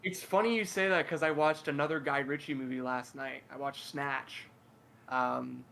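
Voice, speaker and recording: A man's voice: mid-range voice, steady tone, normal speed, gravelly, pushed and bright, slight background noise. A young man, a student, co-hosting a podcast in casual chat, upbeat and playfully boastful. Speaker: podcast co-host.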